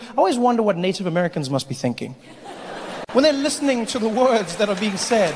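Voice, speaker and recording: A man's voice: high voice, very animated, fast, big-room sound, slight background noise. A man from South Africa doing conversational stand-up comedy, telling stories to a live audience. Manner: conversational, storytelling.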